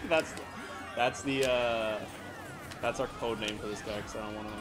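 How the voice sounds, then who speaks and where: Young man, streamer, casual rambling story, laughs a lot, swears, middle pitch, soft music underneath. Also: steady tone, measured pace, a crowd in the background.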